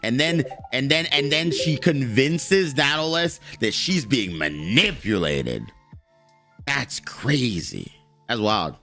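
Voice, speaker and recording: A man's voice: medium pitch, big pitch swings, slow, bright, forceful tone, faint music behind. A man live-streaming, commenting bluntly and heatedly, with plenty of swearing as he reacts and reads aloud. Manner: blunt, profane, heated ranting.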